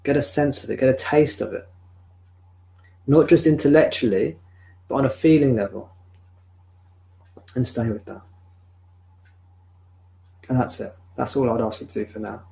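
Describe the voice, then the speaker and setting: A man leading a live spiritual talk, guiding a listener with gentle, repeated questions. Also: medium pitch, normal speed, gravelly, long pauses. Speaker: spiritual teacher. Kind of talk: live satsang guidance. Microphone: video call or webcam.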